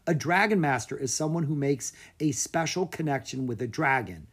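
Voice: medium pitch, animated, normal speed, breathy edge. A narrator voicing a brave young boy hero in a children's storybook, with eager, urgent calls.

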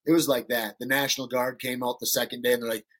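A middle-aged man from Northern Michigan, guesting on a podcast, tells casual stories in a husky, fairly bright voice of middle pitch. He talks fast with little pitch movement, swearing freely and acting out the people he quotes.

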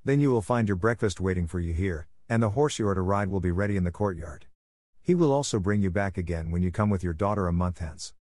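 A man reading the part of a frightful, angry male beast in a storybook audiobook, with stern, measured delivery. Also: sits low, darkish tone, dry recording, studio quality, natural voice. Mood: commanding.

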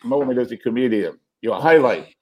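Fast-talking man interviewer. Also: medium pitch, lively intonation, a little mellow, slightly rough, poor audio. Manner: quick, stumbling questions.

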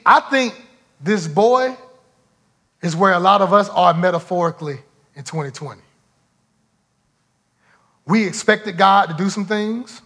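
A man's voice: high-pitched, a bit bright. A man preaching as a pastor, driving points home by repeating phrases. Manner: emphatic, repeats phrases for effect. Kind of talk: sermon.

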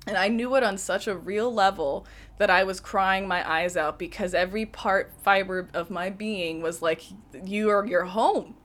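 A woman's voice: medium pitch, moderate pace, few pauses, a bit bright. A young woman hosting a podcast, telling a personal story in a chatty, emotional way with many fillers. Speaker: podcast host. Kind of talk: casual storytelling monologue.

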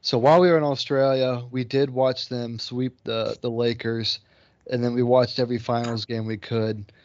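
A young man in college co-hosting a sports podcast, talking in a relaxed, easygoing way. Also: mid-range voice, normal speed, dry recording. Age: young adult. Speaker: podcast co-host. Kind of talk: casual sports chat. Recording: dry dull lo-fi audio.

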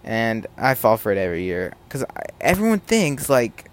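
Young guy ranting on his podcast, swears a ton, gets worked up, average pitch. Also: normal speed, slight background noise. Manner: profane, ranting, animated. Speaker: podcast host. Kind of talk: solo podcast rant.

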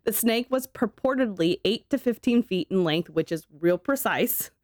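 A woman's voice: mid-range voice, animated, moderate pace, a little mellow, no room sound, clean studio sound. A woman co-hosting a casual podcast chat, laughing often and swearing casually as she tells a ghost story. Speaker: podcast co-host.

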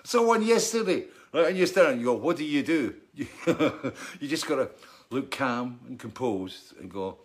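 A man in a casual, rambling monologue who tells a story with animated swings, laughing and coughing between phrases while he vapes. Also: medium pitch, moderate pace.

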